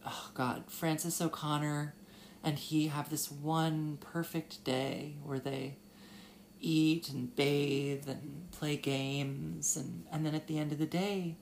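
A young woman hosting a solo casual talk, halting and filler-heavy, and tearful as she talks. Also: deep voice, flat delivery, darkish tone, a little hiss or hum. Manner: halting, with many fillers and restarts. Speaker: podcast host.

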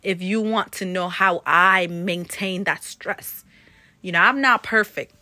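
A woman's voice: on the low side, steady tone, a little slow, bright, forceful tone, no room sound. A woman vlogger giving casual, earnest advice to her viewers, chatty and full of "you know" and "like" fillers. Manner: earnest and encouraging.

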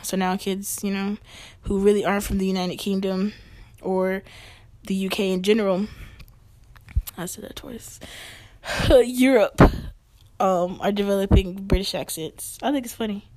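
A woman's voice: medium pitch, fairly even intonation, unhurried, long pauses, a little mellow, dry recording. A woman hosting a podcast, chatty and playful, moving from light news to a read-out disclaimer. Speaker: podcast host.

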